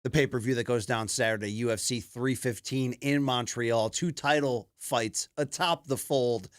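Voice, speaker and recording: A man co-hosting a sports talk show in a studio, loud and joking, laughing often, with a read-in sponsor spot. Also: medium pitch, moderate pace, dry recording. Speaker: podcast co-host. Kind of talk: rowdy studio chat with ad read.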